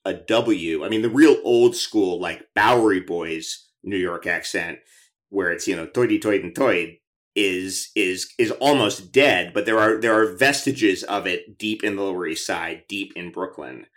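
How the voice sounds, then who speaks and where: A man with a fairly low voice hosts a conversational interview. He talks in an eager, chatty way and restarts his sentences often. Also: measured pace, fairly bright tone. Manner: chatty, enthusiastic, many restarts. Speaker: podcast host.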